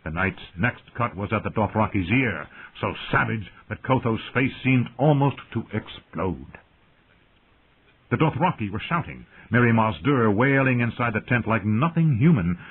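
Male audiobook narrator, husky, animated delivery, thin phone-like sound. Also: lowish voice. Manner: lively, dramatic reading. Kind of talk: dramatic fantasy narration.

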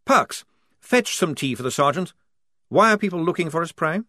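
A man's voice: a little high, lively intonation, normal speed, bright, forceful tone, no echo, clean studio sound, pitched above the performer's own voice. A man voicing a fussy, anxious young army officer who speaks in a prim, formal and polite way.

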